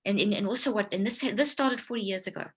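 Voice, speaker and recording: Woman explaining stuff like a lecture, pretty emphatic, keeps restarting, normal middle pitch. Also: fast, slightly rough. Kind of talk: explanatory talk.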